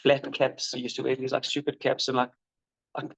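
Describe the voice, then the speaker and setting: A middle-aged father tells candid stories about his son in a conversational way, his medium-pitched voice mostly monotone at a moderate pace, though he livens up when quoting people. The recording is muffled and lo-fi.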